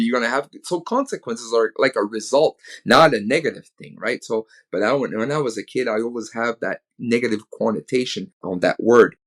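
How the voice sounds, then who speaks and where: A man in his thirties, a guest speaker on a podcast, telling a lively story, chuckling often and checking in with "right?". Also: mid-range voice. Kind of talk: casual podcast talk.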